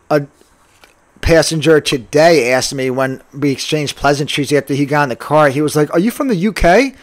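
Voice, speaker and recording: A young man with a New Jersey accent, rambling through a casual solo podcast monologue full of fillers and swearing. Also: fairly high pitch. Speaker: podcast host.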